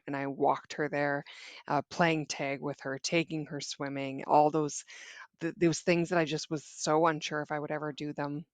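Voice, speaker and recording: A woman's voice: sits low, no echo. A woman in her thirties, a guest on an interview, speaking earnestly and reflectively with many restarts. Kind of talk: casual interview.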